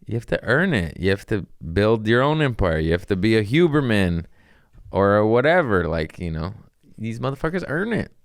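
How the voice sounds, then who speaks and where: A young man with a low, smooth, resonant voice hosts his own podcast as a comedian and tells stories. He talks in an animated, profane, self-mocking way and laughs at his own lines. The sound is dry and close. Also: normal speed, no room sound. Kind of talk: casual storytelling monologue.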